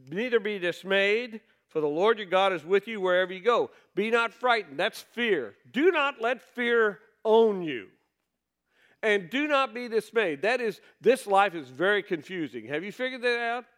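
A man's voice: high-pitched, fairly bright tone. A man preaching a sermon in a conversational way, reading scripture aloud and asking his listeners rhetorical questions. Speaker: pastor.

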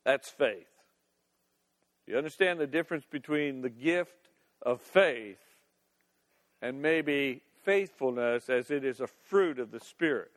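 A man's voice: medium pitch, expressive, slow, long pauses. A man preaching a sermon in a folksy, playful way with laughing asides, recorded in a church sanctuary. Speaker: pastor. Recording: long reverb of a church hall.

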